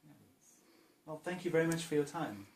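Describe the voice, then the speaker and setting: A man's voice: on the high side, expressive, fairly quick, crowd noise. A male interviewer in a casual chat who laughs often and keeps things playful. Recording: echoey room.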